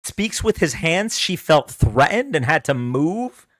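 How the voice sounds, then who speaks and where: A man riffing on a live stream, his pitch jumping all over as he rambles to his chat. He sits fairly high for a man, close to the mic in a dry room. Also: measured pace, no echo. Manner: animated, rambling, talks to chat. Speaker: streamer reacting to a debate. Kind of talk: casual live reaction commentary.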